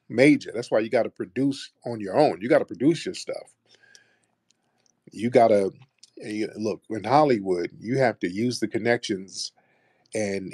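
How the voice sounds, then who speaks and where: A man's voice: fairly low pitch, a little mellow, husky, no room sound, studio quality. A man hosting a live talk show, speaking bluntly and sarcastically in a streetwise manner. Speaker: host.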